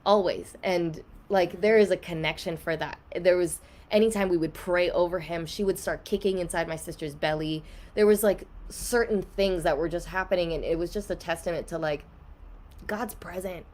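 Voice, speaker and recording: A woman's voice: on the low side, steady tone, normal speed, darkish tone. A young woman guest on a podcast, candidly telling an emotional personal story in a casual way, with many "like" fillers.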